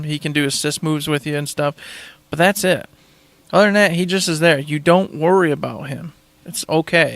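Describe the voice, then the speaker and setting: A man's voice: on the high side, fairly bright tone, no echo. Enthusiastic man, dry and close. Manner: enthusiastic, rambling. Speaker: podcast host. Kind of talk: casual chat.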